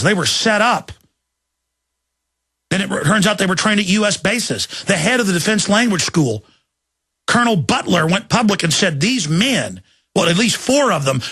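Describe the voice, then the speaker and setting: A man hosting a talk show, delivering an impassioned, ranting monologue that swings into shouting and slow, emphatic stresses. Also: high-pitched. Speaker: radio talk show host.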